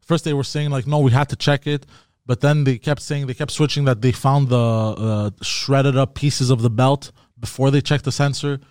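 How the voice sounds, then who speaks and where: A man co-hosting a podcast tells a rambling story in casual chat, laughing often and restarting with "so then" and "anyways". His voice sits at an ordinary middle pitch. He is recorded dry and close on a studio mic. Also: steady tone, normal speed, few pauses, a little mellow, clear, resonant tone, no room sound. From Montreal area. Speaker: podcast co-host.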